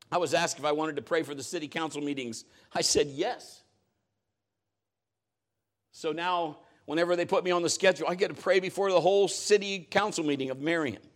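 Brief: middle-aged male pastor, higher voice, storytelling sermon with animated peaks.

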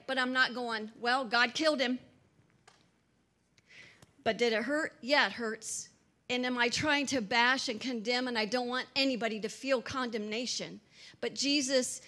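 A woman with a high-sitting, fairly bright voice preaches fervently to a church gathering. As a church speaker, she is emphatic and impassioned, filling her message with rhetorical questions.

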